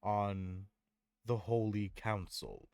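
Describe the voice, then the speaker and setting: A man's voice: lowish voice, takes it slowly, a little mellow, clean tone, no room sound. A man voicing a kindly, formal former head of a church.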